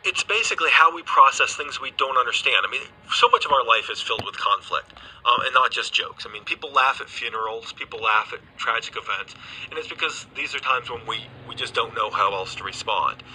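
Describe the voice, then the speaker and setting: A man's voice: medium pitch, a little fast, pushed and bright, a little hiss or hum, low-quality recording. Hesitant man explaining on the radio. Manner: hesitant, restarts phrases, explains patiently. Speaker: guest scientist. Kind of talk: radio interview. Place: remote studio.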